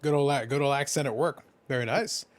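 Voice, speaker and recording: A man's voice: medium pitch, brisk. A man hosting a casual livestream chat, joking and self-deprecating with playful asides. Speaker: host.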